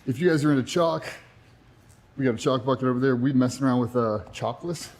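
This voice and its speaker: A man's voice: mid-range voice, fast, darkish tone. A man co-hosting a gym livestream, bantering and giving grip training tips in a bro-ish joking way. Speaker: co-host trainer. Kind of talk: casual banter and exercise tips.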